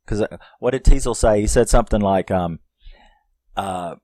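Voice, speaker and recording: A man's voice: low voice, normal speed, mellow, no room sound. A man giving a casual, rambling film review, swearing freely and using lots of fillers. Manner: rambling and profane, with many fillers.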